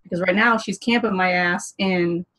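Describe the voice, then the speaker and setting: A woman's voice: on the low side, fairly even intonation, moderate pace, fairly bright tone, low-quality recording. Earnest woman hosting a gaming livestream. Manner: earnest and rallying, casual swearing. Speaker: host. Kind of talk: livestream panel chat.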